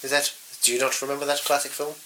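A man's voice: medium pitch, level tone, fast, sharp tone, a little hiss or hum, close to an everyday voice, rough recording. A man playing a pompous, officious male radio presenter in improvised comedy, speaking in a prim and stuffy manner. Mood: haughty. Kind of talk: improvised comedy role-play.

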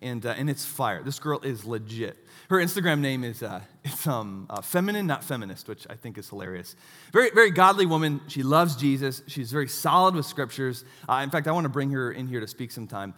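A man in his thirties preaching a sermon, telling stories with self-mocking asides and a lively delivery. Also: medium pitch, fairly quick, long reverb tail. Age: 30s. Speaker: pastor.

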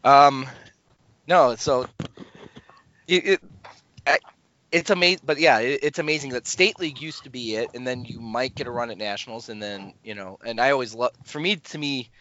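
Heard through slightly dull lo-fi podcast sound, a male host speaks at a normal speed in a mid-range voice with a bright, forceful tone. His casual chat rambles, circles back through many restarts, and leans self-deprecating.

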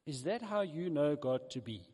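A man preaching a sermon, retelling a parable with animated storytelling and acting out the characters. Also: a little high, normal speed, husky, big-room sound.

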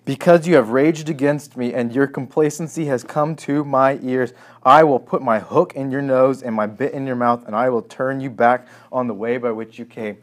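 Male preacher, mid-pitched, conversational sermon delivery that swells into dramatic scripture reading. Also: moderate pace. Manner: animated, acting out scripture quotes with sarcasm.

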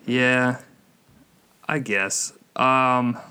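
A man's voice: medium pitch, fairly even intonation, drawn-out words, pushed and bright, clean tone. Young male podcast co-host, casual, sweary, mid-range voice. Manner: swears freely, mocks accents in put-on voices. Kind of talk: casual chat.

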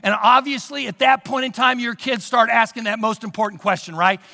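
Pastor, male, high and forceful voice, slow dramatic sermon in a reverberant hall. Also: steady tone, creaky. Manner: preacherly, rhetorical questions to the congregation; dramatic storytelling, swinging between loud and hushed. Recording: long reverb of a large hall.

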